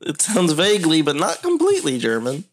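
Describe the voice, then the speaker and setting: A man's voice: on the high side, huge pitch swings, fairly quick. A man chatting casually as a tabletop player, making dry, teasing remarks. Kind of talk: casual chat.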